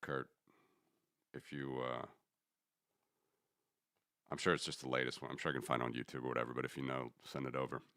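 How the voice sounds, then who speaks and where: Very deep-voiced man, dry sound. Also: little pitch movement, fairly quick, long pauses, bright, forceful tone, no echo. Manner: rambling, self-correcting. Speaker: host. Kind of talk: casual livestream commentary.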